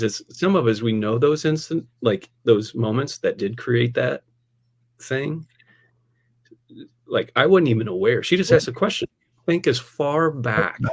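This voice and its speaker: On a casual podcast, a pastor with a husky, medium-pitched voice tells a personal story. Animated and laughing often, he keeps saying "man" and "dude."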